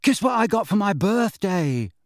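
A man's voice: sing-song, dry recording, clean studio sound. A man reading aloud voices a shy, flustered teenage boy who talks hurriedly. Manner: hurried, anxious, higher pitch.

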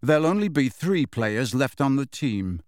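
A man's voice: mid-range voice, sing-song, unhurried, no room sound, studio quality. A man reading aloud, voicing a frustrated teenage boy who speaks testily and bitterly. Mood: testy. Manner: testy, bitter.

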